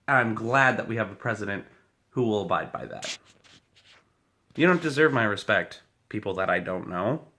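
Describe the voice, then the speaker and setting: A man's voice: lowish voice, expressive, moderate pace, sharp tone. A man delivering a heated, profane political rant to camera as a vlogger, combative and blunt.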